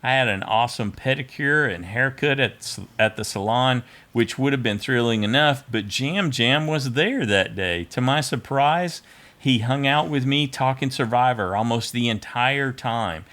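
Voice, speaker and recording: A man hosting a fan podcast, reading listener feedback aloud in a measured, friendly way. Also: medium pitch, a bit bright. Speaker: podcast host.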